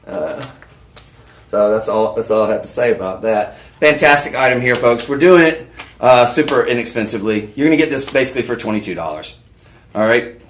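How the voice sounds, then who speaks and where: A man hosting a live home shopping show, pitching products in a chatty, rambling way with lots of fillers and restarts. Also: animated, fairly quick, roomy sound, a little hiss or hum. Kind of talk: live on-air sales pitch. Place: TV shopping studio.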